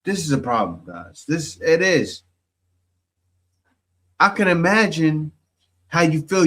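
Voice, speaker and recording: Slow-talking blunt male reaction commentator. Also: a little high, sing-song, fairly bright tone. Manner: blunt, scolding, unsympathetic.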